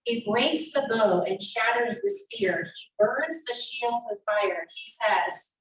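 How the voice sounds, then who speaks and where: A woman church elder teaching from the Bible with animated, emphatic readings, heard over a video call. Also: a little high, takes it slowly, hardly any pauses, far from the mic. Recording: echoey video-call audio from off the mic.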